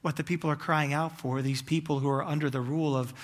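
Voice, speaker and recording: A man's voice: a little high, steady tone, fast, in a large hall. A man preaching a sermon, telling a story in long, building runs of clauses with fervent delivery. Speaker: pastor.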